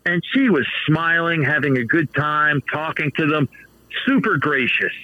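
A man in his fifties telling baseball stories as a guest in a casual interview, animated and laughing often. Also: on the high side, moderate pace, dull audio. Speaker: author and baseball manager guest.

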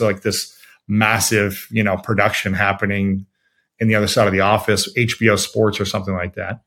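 A man from Ohio telling a story in a relaxed interview, acting out quotes with lots of fillers. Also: fairly low pitch. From Ohio, USA. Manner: animated, quotes himself and others with many fillers. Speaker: podcast host as guest. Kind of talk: conversational storytelling.

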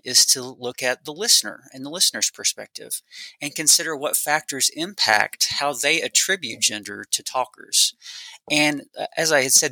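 A male researcher talks through his study in a measured, academic manner. His voice is very bright and crisp-edged. The sound is dry and close, with no room around it. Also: medium pitch, no room sound, poor audio. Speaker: speech researcher guest. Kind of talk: explaining research in an interview.

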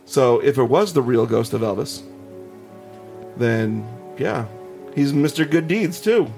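Podcast host, male, gravelly, reads ghost tales with chuckling asides, faint music under. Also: medium pitch, lively intonation, takes it slowly, a little mellow. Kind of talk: casual podcast chat reading ghost stories.

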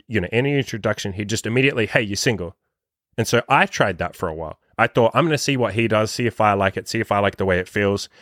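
A man giving dating advice as a podcast host, talking casually and swearing a lot, acting out quoted lines in a higher voice. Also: dry recording, studio quality. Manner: profane, animated, acts out his own quotes in a higher voice. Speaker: dating coach.

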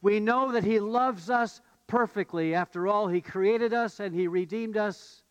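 A man's voice: high voice, unhurried, smooth, no room sound, muffled recording. A man preaching a sermon as pastor, telling stories and building to emphatic questions. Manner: storytelling, rising to emphatic questions.

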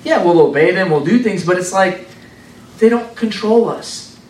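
A man preaching an informal, animated sermon in a conversational way, repeating words for emphasis. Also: high-pitched, normal speed, distant mic. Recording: roomy sound from off the mic.

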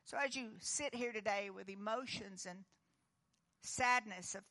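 Bright-voiced woman pastor preaching. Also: medium pitch, measured pace. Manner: earnest, comforting, moves between hushed and emphatic. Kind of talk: sermon.

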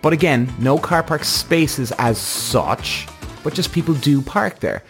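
A man's voice: a little high, animated, slow. Swearing, exasperated man ranting over faint music. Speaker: podcast host. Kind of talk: casual ranting monologue.

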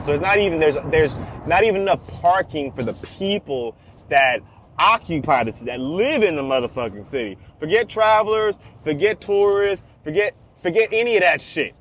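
High-voiced man ranting, profane and animated. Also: a little hiss or hum. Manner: animated, profane, repeats himself a lot. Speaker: vlogger telling a story. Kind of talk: casual storytelling rant.

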